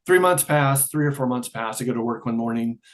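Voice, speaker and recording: Speaking briskly in a mid-range voice, a middle-aged interview guest spins a casual, lively tale, performing each quoted line of dialogue as he goes.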